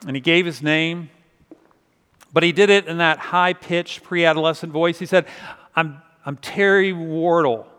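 A man's voice: on the high side, fairly even intonation, moderate pace, a bit bright, clear, resonant tone. A male pastor preaching a sermon in a church sanctuary, telling stories in a conversational way and repeating words as he goes. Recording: long reverb of a large hall.

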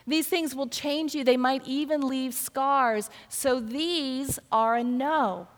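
Speaking slowly in a high voice, an older woman pastor shares a personal story during her sermon, frequently repeating words when she starts over. A hall's long reverb surrounds her voice.

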